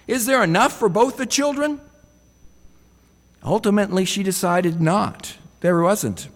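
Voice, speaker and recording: A man's voice: sits high, measured pace, big-room sound. A man preaching a sermon in a reflective way, often putting rhetorical questions to his listeners.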